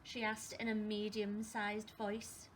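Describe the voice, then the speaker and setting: A woman teacher reading a storybook to young children, expressive and asking them questions as she goes. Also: mid-range voice, takes it slowly, slight background noise. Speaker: primary school teacher.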